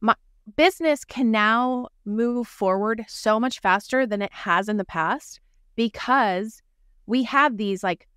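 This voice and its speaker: A woman co-hosts a casual podcast, her voice smooth and resonant. She talks in an animated way and slips into other voices when she quotes someone. The sound is dry and close. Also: a little high, slow pace, no room sound. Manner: animated, acts out quoted remarks in a changed voice. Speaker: podcast co-host. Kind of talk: casual conversational podcast chat.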